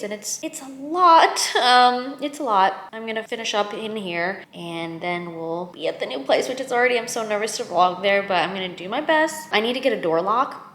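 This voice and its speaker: A woman's voice: mid-range voice, normal speed, few pauses, fairly bright tone. A woman in her twenties talking casually to camera as a vlogger, chatty and rambling, often emotional. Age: 20s. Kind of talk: casual vlog chat.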